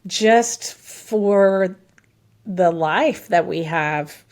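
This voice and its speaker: A woman's voice: fairly low pitch, drawn-out words, darkish tone. A middle-aged woman, a podcast guest, chatting casually with frequent laughs and fillers. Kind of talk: casual interview chat.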